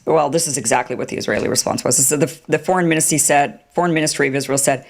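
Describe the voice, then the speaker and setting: A woman giving animated, sarcastic online commentary and mocking others with put-on quotes. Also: deep voice, quick pace, few pauses. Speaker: political commentator.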